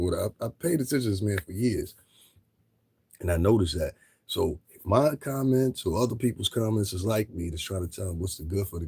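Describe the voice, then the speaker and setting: Man, deep voice, dry close sound, livestream commentator, blunt, profane, lecturing. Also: a little mellow, breathy edge, no room sound. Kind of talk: unscripted livestream rant.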